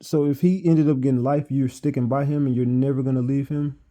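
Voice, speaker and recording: A man's voice: medium pitch, fairly even intonation, a little fast, mellow. A man interviewing a guest, asking blunt, probing questions in a casual way.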